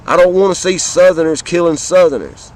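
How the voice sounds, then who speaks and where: Sitting high in pitch yet a little mellow in tone, this man's voice moves a little fast through an impassioned political rant to camera. He is from the Southern United States with a Southern American accent, and he's fiery and profane, addressing viewers head-on and repeating his points. The recording is low quality.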